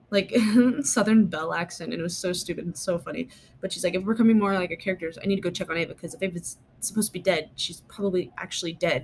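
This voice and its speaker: A woman's voice: medium pitch, a little hiss or hum. A woman casually recapping a TV episode in a chatty, rambling way, full of fillers and emphatic asides. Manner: emphatic, mock-exasperated asides.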